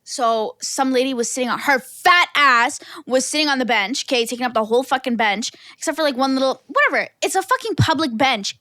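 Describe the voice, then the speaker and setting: A woman's voice: sits high, brisk, hardly any pauses, sharp tone, no room sound. A young woman guest on a podcast, telling stories in a brash, profane casual chat. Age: young adult. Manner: brash, profane, storytelling with lots of "like".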